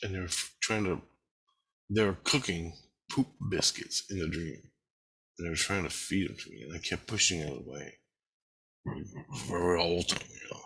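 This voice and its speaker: A man's voice: low voice, normal speed, gravelly, pauses often, bright, forceful tone, husky. A man telling a rambling, repetitive personal story, with frequent swearing.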